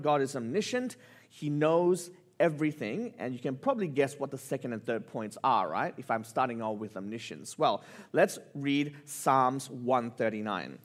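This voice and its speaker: A male preacher delivers a sermon in a lively, swinging voice. He tells a personal story and his pitch climbs as he gets excited. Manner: animated storytelling, voice rising with excitement. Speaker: pastor.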